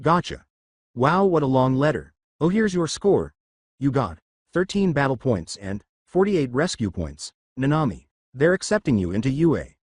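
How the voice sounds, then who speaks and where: A man doing an excitable eager mother. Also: medium pitch, husky, no room sound, clean studio sound. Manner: excited, quick.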